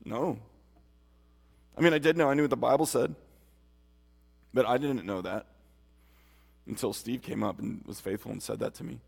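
A man's voice: medium pitch, normal speed, gravelly, long pauses, a little mellow, husky. A man preaching a sermon and giving his testimony, earnest and emphatic, speaking straight to his listeners. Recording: long hall reverb.

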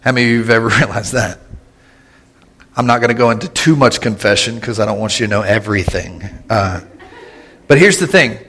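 A man, preaching a casual, humorous sermon as a pastor, chatty and quick with jokes and asides. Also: fairly low pitch, fairly bright tone, husky. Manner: joking, conversational, with quick asides and laughs. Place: church sanctuary. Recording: long hall reverb in a church.

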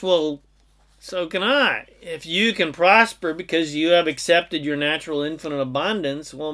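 Self-help teacher, male, slightly high pitch, emphatic preachy delivery. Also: bright, forceful tone. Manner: emphatic, lists things in long run-on strings. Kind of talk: motivational monologue.

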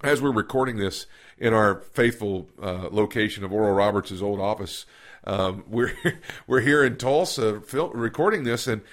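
A man's voice: on the low side, normal speed. A man co-hosting a podcast from an office, telling stories in a casual, folksy way that is full of restarts and repeated words. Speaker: podcast co-host. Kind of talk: casual conversational storytelling. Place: office recording room.

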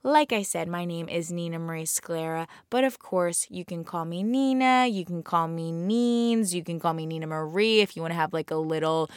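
A woman's voice: on the low side, normal speed, smooth, dry recording, studio quality. A young woman with a South Jersey accent hosting her own podcast, bubbly, brash and self-mocking, with lots of "like". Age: young adult. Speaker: podcast host and bartender. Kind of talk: casual solo podcast chat.

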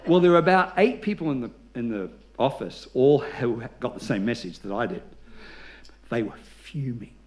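A man's voice: mid-range voice, expressive, normal speed. A male pastor preaching a sermon, telling stories with humor and leading the congregation in call-and-response.

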